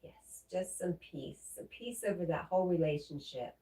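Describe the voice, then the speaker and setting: A woman hosting a livestream, reading viewers' messages aloud and answering them in a gentle, comforting way. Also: lowish voice, moderate pace. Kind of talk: casual livestream chat. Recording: roomy echo, mic at a distance.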